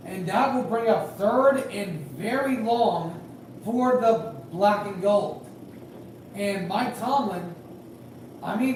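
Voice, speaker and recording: A man calling a game live in casual play-by-play, rambling and hedging with fillers, growing excited on big plays. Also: sits high. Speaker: amateur game commentator and high school official. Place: at home at night. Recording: very echoey room, distant mic, faint noise.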